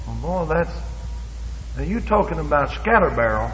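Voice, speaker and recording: A man's voice: medium pitch, expressive, unhurried, a bit bright, a little hiss or hum. A man preaching a Pentecostal sermon with fervent emphasis, acting out bits of dialogue, in a church or revival hall. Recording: echoey hall, dull lo-fi.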